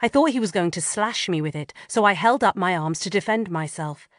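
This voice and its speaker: A woman reading a first-person audiobook in an expressive, measured way on a close studio mic. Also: on the low side, dry recording. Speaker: audiobook narrator.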